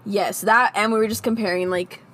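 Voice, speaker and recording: A young woman co-hosting a podcast, casually telling lively stories and putting on playful voices. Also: mid-range voice, fairly quick. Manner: animated storytelling with playful impressions. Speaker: podcast co-host. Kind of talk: casual chat.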